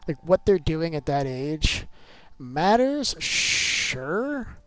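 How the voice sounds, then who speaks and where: A man's voice: on the high side, big pitch swings, drawn-out words, fairly bright tone, poor audio. A man streaming a video game live, chatting casually and going off on opinionated rants with loose, filler-heavy talk. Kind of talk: casual live gameplay chat.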